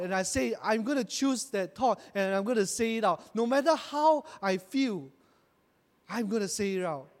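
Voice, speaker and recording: High-voiced preacher in a reverberant hall. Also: male voice. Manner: preaching with rising emphatic bursts; calls the congregation to repeat after him. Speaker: pastor. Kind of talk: sermon.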